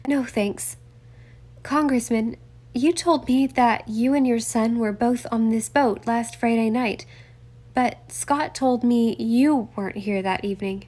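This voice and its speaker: A woman's voice: a little high, fairly even intonation, unhurried, dark tone. A woman voicing a young woman detective, polite but firm as she presses with questions.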